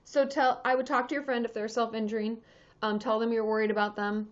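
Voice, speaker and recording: A woman therapist answers viewer questions casually on a livestream, full of fillers and restarts. Her voice is on the high side, flat, and fairly quick, and the lo-fi stream audio sounds dull.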